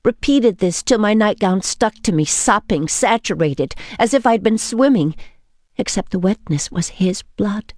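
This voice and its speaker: A woman reading a novel in first person as an audiobook narrator, measured and intimate. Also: mid-range voice, animated, darkish tone, no echo, studio quality.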